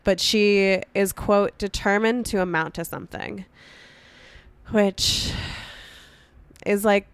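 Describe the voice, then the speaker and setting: A woman's voice: mid-range voice, steady tone, slow pace, long pauses, clean tone, no room sound. A young adult woman co-hosting a podcast, telling a history story in casual chat full of filler words. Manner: chatty, many "like" fillers, retells history conversationally. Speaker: podcast co-host.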